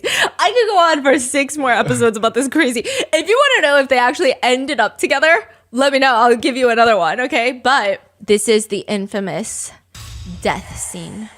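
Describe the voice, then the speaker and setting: Animated woman telling a story. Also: on the high side. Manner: animated storyteller, acts out quotes. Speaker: host. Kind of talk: storytime podcast chat.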